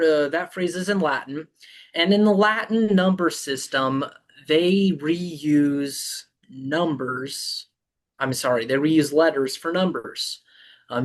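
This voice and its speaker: A man presenting a Bible study, speaking slowly and deliberately, with frequent ums and restarts. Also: mid-range voice. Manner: halting, with many ums and restarts.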